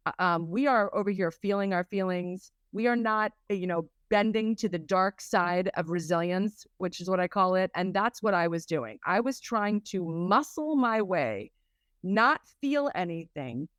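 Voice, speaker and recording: A woman coach being interviewed on a podcast, talking in a lively way and acting out quoted voices. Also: on the low side, normal speed, dry recording. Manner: lively and animated, acts out quotes in raised voices. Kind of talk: conversational interview.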